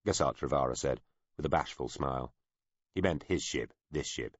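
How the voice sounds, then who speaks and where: A man narrating an audiobook in a measured storytelling way. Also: rumbling low, breathy edge, no echo, dull audio. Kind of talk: scripted narration.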